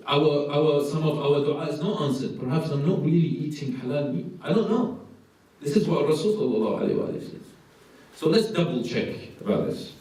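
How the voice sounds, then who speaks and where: A man's voice: fairly high pitch, a little mellow. A man gives a religious lecture, asking rhetorical questions and acting out voices. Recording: echoey hall from far off.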